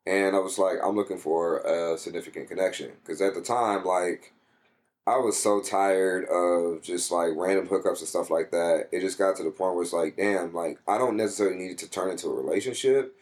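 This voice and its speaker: A young man in a casual interview, telling a personal story and jumping way up in pitch when he quotes himself. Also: a little fast. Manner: animated, swings his pitch way up when quoting himself. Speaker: guest.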